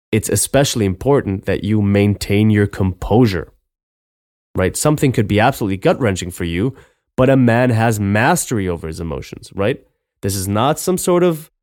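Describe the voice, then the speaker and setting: A man's voice: fairly low pitch, darkish tone, no echo, studio quality. A man hosting a podcast, giving an earnest solo advice talk that often ends points with "right?". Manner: earnest, lecturing, with frequent "right?" tags. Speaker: podcast host.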